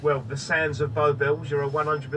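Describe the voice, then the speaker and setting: A man from East London with a Cockney accent, talking in a relaxed, slightly hesitant way when approached on the street. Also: fairly high pitch, normal speed. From East London, England. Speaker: local passerby interviewed. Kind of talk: casual street conversation. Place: outdoors on a city street. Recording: street noise with passing vehicles. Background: traffic noise.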